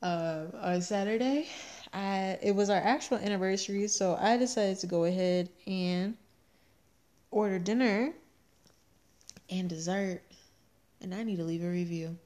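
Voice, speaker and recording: A pregnant woman co-hosting a casual chat, telling animated stories and laughing often. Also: medium pitch, measured pace, pauses often. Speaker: podcast co-host.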